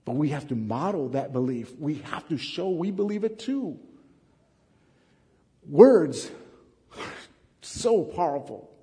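A man giving a classroom lecture to teachers, animated and asking the class many questions. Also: on the high side, takes it slowly, long pauses, in a large hall. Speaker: teacher trainer.

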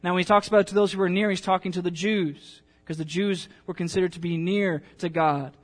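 A man's voice: high-pitched, steady tone, brisk. A male pastor preaching a sermon, telling a personal story in a chatty, emotional way with many fillers, then reading scripture aloud.

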